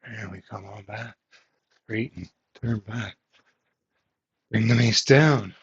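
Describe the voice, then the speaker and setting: A man leading a yoga workout with calm, encouraging step-by-step cues. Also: on the low side, slow pace, gravelly, breathy edge. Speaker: yoga instructor. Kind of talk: guided workout instruction. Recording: slightly muffled, lo-fi audio.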